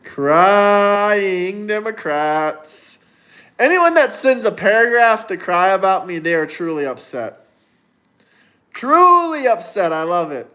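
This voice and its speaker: Brash, high-voiced young man on a livestream. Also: big pitch swings, moderate pace, bright, forceful tone. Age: 20s. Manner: brash, mocking, provocative. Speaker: livestream host. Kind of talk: live-stream chat.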